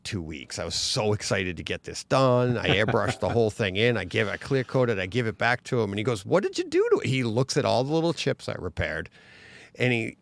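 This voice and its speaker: A man in casual podcast chat, telling an animated story and acting out other people's lines. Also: medium pitch, gravelly, dry recording.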